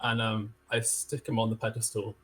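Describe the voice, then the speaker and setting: A man's voice: fairly low pitch, little pitch movement, normal speed, over a noisy crowd. A man playing a tabletop role-playing game, teasing and hesitant as he describes his moves. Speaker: player. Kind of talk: casual tabletop play.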